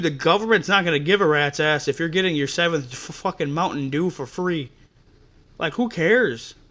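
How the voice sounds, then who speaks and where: A man's voice: high voice, a bit bright. A man hosting a podcast, telling customer-service stories in an exasperated, profane rant. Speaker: podcast host. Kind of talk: ranting storytelling.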